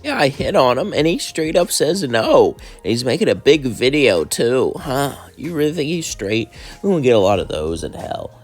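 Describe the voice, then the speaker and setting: A man's voice: medium pitch, big pitch swings, moderate pace, faint music behind. A man voicing a flirty, sassy male performer in a cartoon fan story, gossipy in tone.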